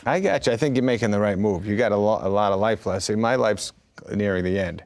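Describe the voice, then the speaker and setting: A man's voice: fairly low pitch, fast talker, dry recording, clean studio sound. A man chatting casually as an actor, telling stories in a rambling way with many restarts and quoted dialogue. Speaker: actor in a conversation. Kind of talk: casual conversation.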